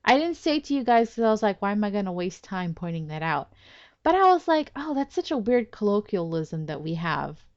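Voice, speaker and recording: A woman giving casual commentary as she plays a game, excitable, exclaiming and laughing often. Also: medium pitch, fairly quick, dull audio. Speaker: let's play gamer.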